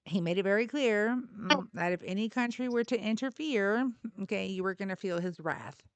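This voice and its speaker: A woman's voice: medium pitch, normal speed, clean tone, no echo. A woman from Texas hosting a livestream, arguing politics bluntly and swearing freely. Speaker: livestream host. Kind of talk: heated political debate.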